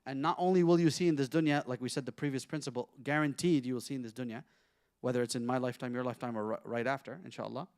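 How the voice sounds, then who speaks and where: A sheikh teaching an interactive Quran lesson in a conversational way, asking his listeners questions and reciting Arabic verses quickly. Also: medium pitch, steady tone, a little mellow, dry recording, studio quality.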